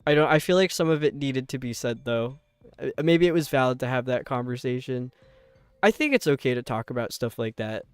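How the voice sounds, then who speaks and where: Smooth-voiced chatty streamer guy. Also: medium pitch, animated, dry recording, faint music behind. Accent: light New York. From upstate New York. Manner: rambling, chatty, quick laughs. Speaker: game streamer. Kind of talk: casual chat with viewers while gaming.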